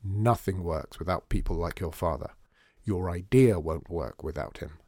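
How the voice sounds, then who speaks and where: A man's voice: low voice, normal speed, mellow, no echo, studio quality, voice pushed down. A man voicing a persuasive, earnest grown man lecturing a girl about her father. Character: cheerful persuasive man, shop visitor.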